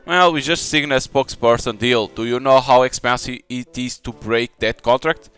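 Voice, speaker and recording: A man's voice: mid-range voice, steady tone, normal speed, fairly bright tone, smooth, lightly acted. A man reading a worried female talent manager.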